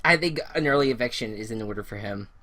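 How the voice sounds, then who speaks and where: Loud, animated young woman podcaster. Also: a bass voice, fast. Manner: loud, animated, laughs and swears often. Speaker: podcast co-host. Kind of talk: casual recap chat.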